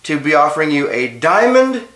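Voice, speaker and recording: A man's voice: fairly high pitch, sing-song, normal speed, a bit bright. A middle-aged man, a father teaching his daughter, telling a playful, dramatic story to make a lesson point. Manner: dramatic, playful, builds suspense.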